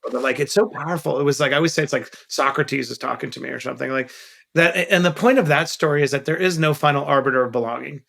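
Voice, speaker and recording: Gravelly New man telling stories. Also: medium pitch, fast, fairly bright tone. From Queens, New York. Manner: candid, earnest storyteller who stresses key points. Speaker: guest investor. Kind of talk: podcast interview storytelling.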